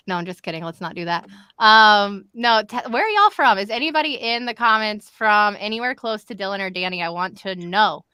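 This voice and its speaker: A woman's voice: medium pitch, moderate pace, pushed and bright, clean tone, no echo. A woman hosting a live stream from home, chatty and upbeat, calling the viewers y'all. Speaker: host of a live show. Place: home in Florida.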